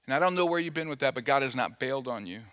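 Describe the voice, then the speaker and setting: Man, pastor, sermon, playful storytelling, bright tone, reverberant church hall. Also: medium pitch, animated, rapid-fire, clean tone. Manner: playful storytelling, acting out quoted dialogue. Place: church auditorium.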